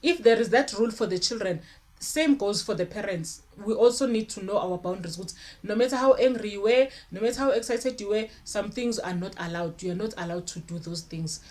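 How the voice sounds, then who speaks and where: A woman's voice: medium pitch, brisk, a little mellow. A young adult woman, talking casually to camera with parenting advice, earnest and repeating herself as she gathers her thoughts. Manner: earnest, repeats words, mixes in Zulu fillers. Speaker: parenting vlogger.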